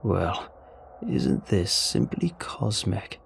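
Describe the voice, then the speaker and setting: A man voicing a stranded male alien in a storybook reading, speaking slowly in a low, gravelly voice. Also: very animated, a little hiss or hum, heavily acted. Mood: rueful. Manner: slow, drawn-out delivery. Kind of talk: storybook narration.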